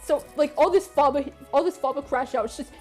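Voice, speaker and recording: A woman streaming a live game reaction, ranting excitably with laughs and swearing. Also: high voice, fairly quick, faint music behind.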